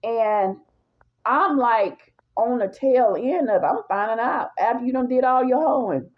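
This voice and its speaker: A blunt, animated woman tells a personal story in casual storytime style and talks right to her viewers. Her voice sits fairly high, and the recording is dull and lo-fi. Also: a little slow. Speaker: vlogger telling a personal story.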